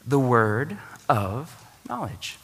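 A man's voice: mid-range voice, big pitch swings, extremely slow, a bit bright, husky, long reverb tail. A man preaching a sermon to his church, conversational and joking in his asides. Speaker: pastor.

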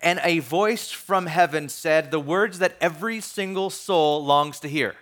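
Animated conversational male preacher. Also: fairly high pitch, unhurried. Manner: conversational, animated, swings between soft asides and emphatic peaks. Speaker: pastor. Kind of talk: sermon.

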